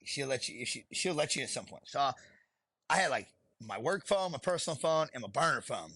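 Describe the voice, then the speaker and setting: A man's voice: medium pitch, animated, fairly quick, sharp tone, slightly rough, dry recording. A middle-aged man, a podcast guest telling his story bluntly and profanely, rambling as he goes. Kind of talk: candid storytelling.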